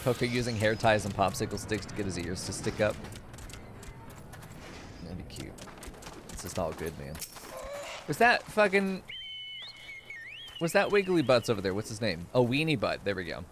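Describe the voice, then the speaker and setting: A man's voice: on the low side, sing-song, moderate pace, long pauses, background noise. A man streaming a game, joking crudely and laughing often in casual commentary.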